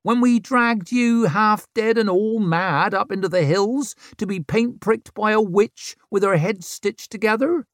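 Male narrator doing a sharp-tongued hill woman, wry, rough-spoken, high and lively. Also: measured pace, dry recording, studio quality, full character voice. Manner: wry, lecturing, rough country grammar. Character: dry-witted wild hill woman, blunt and mocking.

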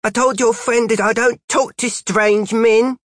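A man voicing a blunt, rude little girl who scolds and insults in a shrill tone, read as a storybook character. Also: fairly even intonation, unhurried, fairly bright tone, dry recording, clean studio sound. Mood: dismissive.

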